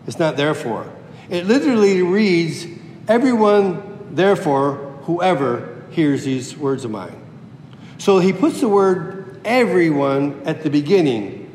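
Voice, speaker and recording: A man's voice: a little high, slight background noise. Man preaching in an echoey hall. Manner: teaching, explains Greek words. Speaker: pastor. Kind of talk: expository sermon. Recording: echoey hall with long reverb.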